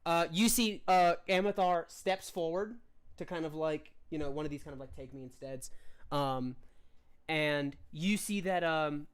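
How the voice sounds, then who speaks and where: A man's voice: a little high, a little slow, smooth. Rambling male game master. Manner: rambling, many fillers and restarts. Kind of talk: narrating a tabletop game.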